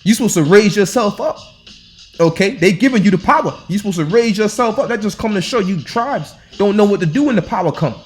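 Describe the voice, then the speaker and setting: Brisk and expressive, a high-voiced man gives an informal sermon over scripture, badgering listeners with repeated points, rhetorical questions and frequent colloquial restarts. Music plays faintly in the background.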